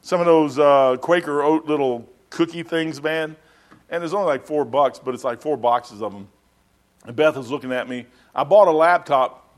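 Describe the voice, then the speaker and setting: A man's voice: a little high, moderate pace. A middle-aged man, preaching a sermon as a pastor in a folksy, rambling storytelling way.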